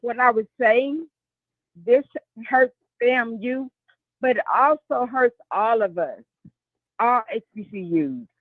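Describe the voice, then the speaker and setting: A female caller talks slowly and deliberately over a muffled, phone-like line. Her voice sits fairly high, and her speech has some hesitant pauses. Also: lively intonation, dry recording. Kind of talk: call-in comment.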